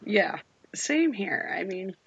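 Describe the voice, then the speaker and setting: A woman's voice: mid-range voice, expressive, takes it slowly, gravelly, fairly bright tone, breathy edge, no room sound. A woman co-hosting a podcast, reading listener questions in casual chat. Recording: slightly dull dry sound.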